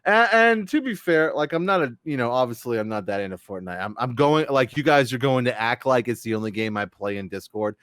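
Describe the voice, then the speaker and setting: A man in mid-range pitch hosting a relaxed gaming podcast stream. He chats loosely, swears freely and laughs as he reads viewer comments aloud. The recording is close and dry. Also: fairly quick, few pauses, no room sound. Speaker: podcast host. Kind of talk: casual chat, reading chat comments aloud.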